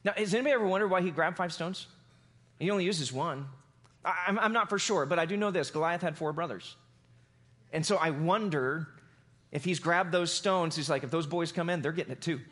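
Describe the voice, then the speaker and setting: A man preaching a sermon, retelling a scripture story in a loose, casual, animated way. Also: high voice, a little fast. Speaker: pastor.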